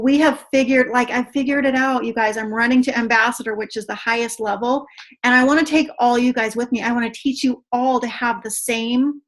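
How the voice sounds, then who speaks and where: Chatty, excitable woman on a video call. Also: a little high. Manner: chatty and excitable, says "you guys" a lot. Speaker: team trainer. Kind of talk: online video call training.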